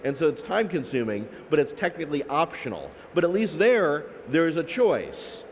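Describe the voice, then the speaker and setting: A man's voice: on the high side, sing-song, moderate pace. Man explaining fees with many "right?" asides. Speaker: panelist. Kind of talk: explanatory panel talk. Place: large expo hall. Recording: echoey expo hall with faint noise.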